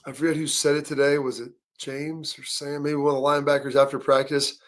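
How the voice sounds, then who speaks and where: A man's voice: on the high side, flat delivery, brisk. A man hosting a casual sports talk show, telling stories in a rambling way with many fillers and restarts. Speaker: show host.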